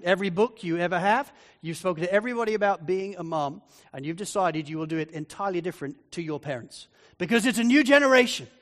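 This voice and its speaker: A man's voice: sits high, fairly bright tone. A man preaching a sermon, speaking animatedly and addressing the congregation directly. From Australia. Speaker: pastor. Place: church. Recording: long reverb of a church hall.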